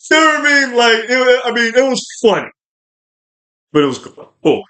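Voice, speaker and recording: A man's voice: very high voice, big pitch swings, a little slow, pushed and bright. A man hosting a podcast livestream, reviewing a show in a chatty, rambling way with lots of fillers. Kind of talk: casual spoiler review livestream.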